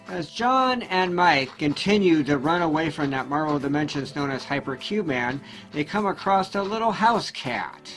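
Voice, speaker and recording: A man narrating a homemade superhero movie in a plain, slightly halting storytelling way. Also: fairly high pitch, expressive, poor audio. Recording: loud music behind.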